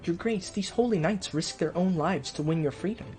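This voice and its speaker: A man's voice: sits high, moderate pace, a little mellow, natural voice. An earnest young woman pleads urgently in a raised voice, as a man puts her on during a game playthrough. Faint game music plays in the background. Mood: pleading. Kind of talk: let's play voice acting.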